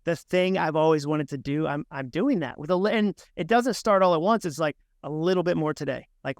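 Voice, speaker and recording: A middle-aged man, an author and speaker, guest on a podcast interview, explaining ideas with lively acted-out inner dialogue. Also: on the high side, brisk, few pauses, dry recording, clean studio sound. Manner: animated, illustrates points with voiced inner dialogue. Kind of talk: conversational interview, storytelling with acted quotes.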